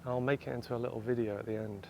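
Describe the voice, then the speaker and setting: A man hosting a photography vlog outdoors by canals, explaining his shots in a relaxed way. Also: medium pitch, very fast, gravelly, lo-fi sound, a little hiss or hum. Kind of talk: vlog narration.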